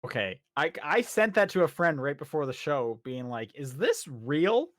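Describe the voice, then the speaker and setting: A man's voice: fairly high pitch, big pitch swings, moderate pace, a bit bright, no echo, clean studio sound. A man hosting a podcast, chatting casually and rambling with fillers and restarts. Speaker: podcast host. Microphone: podcast microphone.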